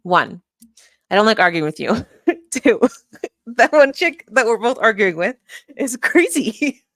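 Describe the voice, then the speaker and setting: A woman's voice: a little high, very animated, unhurried, a bit bright, dry recording, studio quality. A young adult woman streaming from her computer, chatting casually, rambling, swearing and muttering to herself as she searches. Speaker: streamer reviewing a live stream. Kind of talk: casual livestream chat. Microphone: desk microphone.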